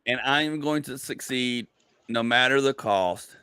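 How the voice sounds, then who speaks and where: A man's voice: mid-range voice, unhurried, pushed and bright. A man hosting a casual podcast chat as a comedian, talking bluntly and emphatically. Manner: emphatic, blunt motivational talk. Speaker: comedian host.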